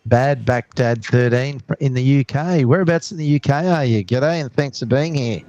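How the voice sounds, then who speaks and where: Man, australian accent, co-host, chatty, friendly, mid-low voice. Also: moderate pace, darkish tone, dry recording, dull audio. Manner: friendly, chatty, greets viewers. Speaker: co-host reading live chat. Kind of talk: casual live stream chat. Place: outdoors at an airport.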